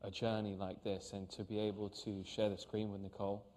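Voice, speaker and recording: Earnest, low-voiced man on a reverberant stage. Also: little pitch movement, a little mellow. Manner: earnest, halting, many restarts. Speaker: actor. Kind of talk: press interview on stage. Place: on a stage before an audience.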